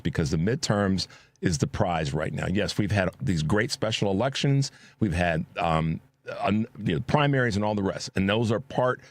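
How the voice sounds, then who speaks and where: A man's voice: deep voice, no echo. A man hosting a political talk show, earnest and emphatic as he makes his points. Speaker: host.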